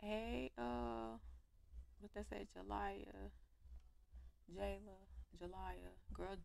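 A young woman giving animated, slangy commentary while playing a life-sim game on her home mic. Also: medium pitch, very slow, vocal fry, pauses often, no room sound. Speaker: gaming YouTuber. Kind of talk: let's play commentary.

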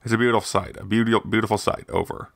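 A man voicing a proud tank colonel who reports briskly and matter-of-factly. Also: on the low side, fairly even intonation, creaky, dry recording, studio quality. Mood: pleased.

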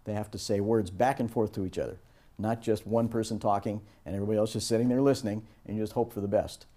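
Man teaching with a mellow voice. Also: fairly even intonation, fast talker. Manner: storytelling, acts out quoted voices with raised pitch. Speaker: instructor. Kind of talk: recorded lecture on project teamwork.

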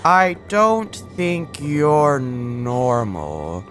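Let's play commentary, rambling, excitable, animated pitch, game music faint. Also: extremely slow. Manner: rambling, excitable, swings between loud and mumbled asides. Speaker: gamer.

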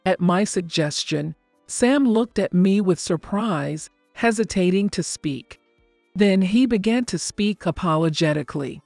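An older woman narrating a first-person family story in a calm, even, scripted storytelling delivery. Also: fairly low pitch, measured pace, vocal fry, no room sound. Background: faint background music.

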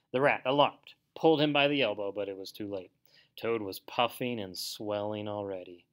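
A man teacher reading a story aloud to children, with an expressive, animated delivery. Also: lowish voice, normal speed.

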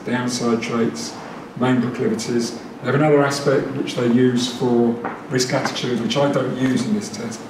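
A man gives a chatty, lively talk to a meeting room, his voice carrying through a very echoey space. He is caught from a distance, with clear background noise underneath. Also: medium pitch. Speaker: presenter.

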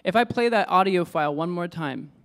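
This man's voice is high-pitched and a bit bright, fairly quick, with lively intonation. He's giving a loose, musing talk on poetry in a lecture room, full of restarts and questions and asides to his listeners.

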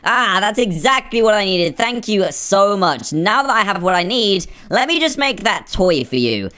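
A man's voice: sits high, sing-song, moderate pace, pushed and bright, clean tone, heavily acted. A polite, thankful toy shop owner in a game adventure, voiced by a man. He sounds grateful and courteous.

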